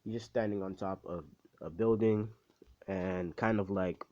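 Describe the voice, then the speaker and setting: Low-voiced man rambling through a story. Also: fairly even intonation, measured pace, dark tone. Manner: rambling, swears often, many fillers. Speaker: storyteller retelling a fan story. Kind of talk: casual storytelling. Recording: dull, dry lo-fi recording.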